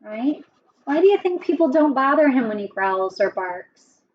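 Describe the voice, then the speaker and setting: A woman teacher giving a children's lesson, speaking gently and often checking in with a question. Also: sits high, very animated, moderate pace, muffled recording. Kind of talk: children's lesson and storybook reading.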